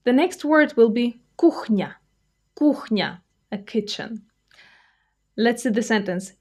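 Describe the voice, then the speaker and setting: Slow, patient Russian-accented woman teacher. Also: a little high. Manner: patient, repeats each word slowly. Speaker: language teacher. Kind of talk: slow, clear vocabulary lesson.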